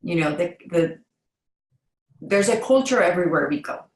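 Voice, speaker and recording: A woman parenting coach on a call, explaining tasks step by step in a calm, encouraging way. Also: fairly low pitch, moderate pace, echoey room, poor audio. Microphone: video or phone call.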